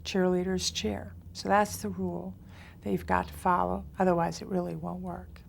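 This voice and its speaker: A woman's voice: lowish voice, flat delivery, normal speed, gravelly, a little hiss or hum. A woman therapist teaching a coping skills lesson, speaking directly and coaching her listeners. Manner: direct and coaching, acts out quoted self-talk.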